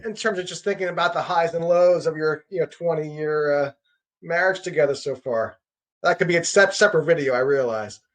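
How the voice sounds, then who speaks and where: A man's voice: on the high side, a little fast. A man in his forties interviewing an old classmate over a video call, friendly, with joking asides. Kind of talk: casual interview.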